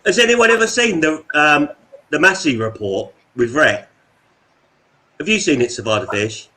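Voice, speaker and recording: A man's voice: fairly high pitch, expressive, normal speed, sharp tone. A man, co-hosting a live stream and trading teasing jokes in casual banter. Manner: joking, teasing. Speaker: co-host.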